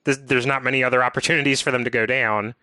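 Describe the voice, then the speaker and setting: Bright, clear-voiced man hosting a podcast. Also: mid-range voice, steady tone, fast talker, no echo. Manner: detailed, methodical game walkthrough talk. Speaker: podcast host. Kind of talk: casual podcast chat.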